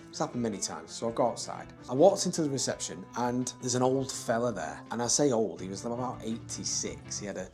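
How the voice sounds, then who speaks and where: A man, a tattoo studio owner, telling a story in a lively, conversational way with frequent laughs and tag questions. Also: medium pitch, brisk, few pauses, soft background music. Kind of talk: casual storytelling to camera.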